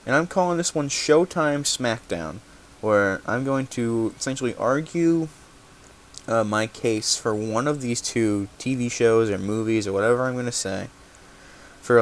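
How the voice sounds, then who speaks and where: A man's voice: lowish voice, a little slow. A young man hosting a podcast segment, talking casually and rambling, often correcting himself and swearing now and then. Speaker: podcast host.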